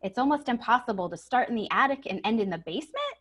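A woman giving a webinar lesson on using the voice, stressing key words and shifting her pitch and loudness to show each tip. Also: lively intonation, quick pace, husky. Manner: demonstrative, emphatic, varies pitch and volume to show tips. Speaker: communication trainer. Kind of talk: webinar coaching on voice. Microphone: home setup over video call.

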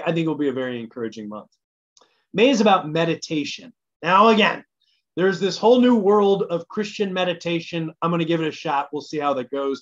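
A pastor talks through plans in a casual midweek church message, sounding eager and conversational as he thinks aloud. His voice sits a little higher than most men's. The recording is muffled and lo-fi, as if captured in a small study. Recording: dull lo-fi recording.

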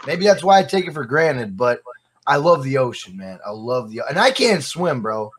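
A man's voice: medium pitch, very animated, moderate pace, husky. A man guest on a podcast, chatting casually and swearing often, laughing through his stories. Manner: profane, laughing storyteller. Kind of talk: casual chat.

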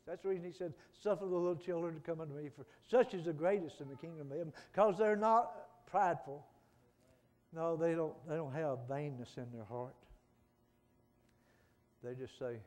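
A middle-aged preacher man with a fairly high voice, talking in a folksy way that drops to soft pleading and then rises to loud fervent calls. His sermon rings through a church sanctuary with a long reverb. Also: animated, moderate pace.

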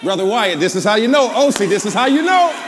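Southern preacher, man, higher-pitched, shouting call-and-response sermon, live crowd in the room. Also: very animated, fast talker, long reverb tail. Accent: Southern American. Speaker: pastor. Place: large church before a live congregation. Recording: live church with crowd and noise. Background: congregation responding.

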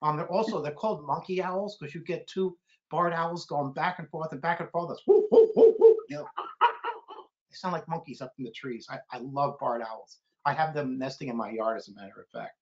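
Reading a kids' book aloud at a slightly quick clip, this middle-aged man sounds animated, and the recording has its highs cut off. He keeps bursting into playful birdcalls, complete with sudden high hoots.

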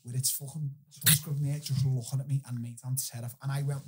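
A young man with a very husky, rough voice holds forth as a podcast guest. He tells his stories loosely and profanely, often breaking into laughter. His pitch sits at an ordinary middle level. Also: little pitch movement, brisk. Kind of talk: casual storytelling chat.

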